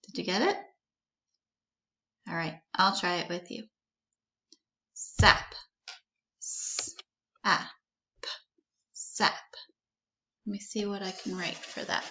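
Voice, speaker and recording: A woman teaching a phonics lesson to young children, slowly sounding out words letter by letter and encouraging them to repeat. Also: on the low side, steady tone, bright, forceful tone, lo-fi sound.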